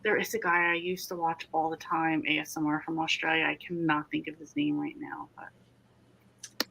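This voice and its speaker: A woman's voice: deep voice, level tone, normal speed, vocal fry, pushed and bright, slight background noise, rough recording. A woman hosting a casual livestream, chatting and reading out viewer comments. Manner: chatty, reads comments aloud and riffs on them. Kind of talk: casual chat.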